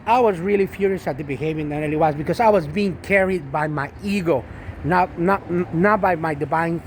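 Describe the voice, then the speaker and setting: A man's voice: on the high side, fairly quick, slight background noise. A man and father telling a rambling spiritual story about his daughter, with many restarts and repeated endearments. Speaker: vlogger and father.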